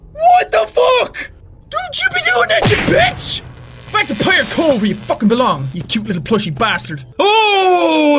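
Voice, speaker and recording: A man giving let's play commentary as a gaming YouTuber, chatty and rambling, excitable and swearing loudly when scared. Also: very high voice.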